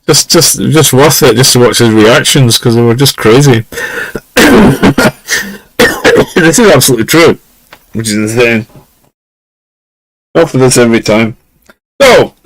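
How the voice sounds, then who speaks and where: In a mid-range voice, a Scottish podcast host rambles through casual stories at home, chuckling and using lots of fillers. He's on a lesser mic, so the audio is low quality, though there's no echo.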